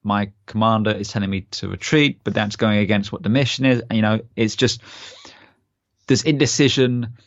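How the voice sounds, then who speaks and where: Young male podcast co-host, low-ish voice, eager rambling chat, dry dull lo-fi mic. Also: fairly even intonation, moderate pace, dry recording. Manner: enthusiastic, rambling with many fillers. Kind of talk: casual chat.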